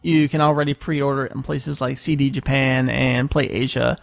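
A man's voice: mid-range voice, flat delivery, moderate pace, gravelly, dry recording. A man hosting a casual podcast chat, explaining things patiently and spelling them out. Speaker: podcast host.

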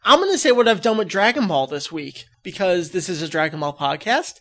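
A goofy man hosts a casual podcast and laughs often. His pitch swings widely as he jokes with his co-hosts. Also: sing-song, fairly quick, fairly bright tone. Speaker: podcast host. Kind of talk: casual chat.

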